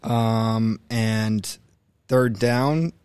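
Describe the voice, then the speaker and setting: A man's voice: fairly low pitch, extremely slow, clear, resonant tone, dry recording. Opinionated young man on a dry mic. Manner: animated, opinionated, mimics coaches mid-rant. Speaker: sports podcast co-host. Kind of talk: casual sports talk.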